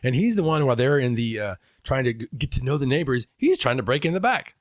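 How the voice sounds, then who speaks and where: Male podcast co-host, lively swooping delivery, profane and playful, dry close sound. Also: mid-range voice, fast, dry recording. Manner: animated, profane, acts out movie lines. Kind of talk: casual chat.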